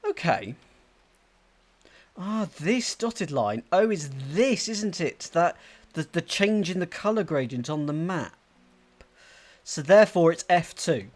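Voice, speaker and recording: A man commentating his own playthrough, thinking aloud and reading out text from the screen. His voice sits a little high and swings widely in pitch as he puzzles things out. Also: sing-song, slow pace, pauses often. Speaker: gaming channel host. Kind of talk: let's play commentary.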